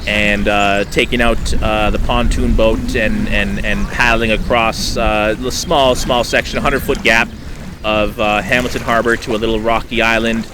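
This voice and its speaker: A man from Canada telling a fishing story to camera by a lake shore, rambling with many fillers and getting loud and high-pitched when excited. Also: moderate pace, noisy background. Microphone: camera mic.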